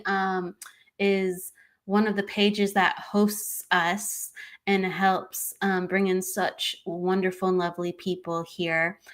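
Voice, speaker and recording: A woman co-hosting a casual live stream. She talks in a loose, chatty way and stumbles over her words now and then, then laughs at herself. Her pitch sits mid-range for a woman. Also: fairly bright tone. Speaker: psychic medium and show co-host.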